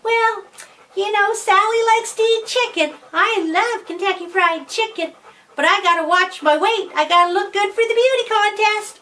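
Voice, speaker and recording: A woman voicing a little boy who puts on a sweet, high girly voice. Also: moderate pace, sharp tone. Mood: coy. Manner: high, sweet, put-on girliness.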